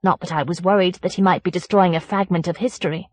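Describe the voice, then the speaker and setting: A woman narrating a horror audiobook in a measured, deliberate voice. Her pitch sits on the low side, and the recording is close and dry with no room sound. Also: fairly even intonation, a little mellow, no room sound. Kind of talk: audiobook reading of a horror story.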